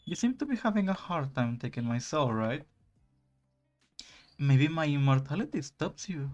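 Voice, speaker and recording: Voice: medium pitch, animated, moderate pace, pauses often, darkish tone, soft background music. A streamer casually playing a visual novel and reading the main character's lines with playful drama. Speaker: let's play streamer.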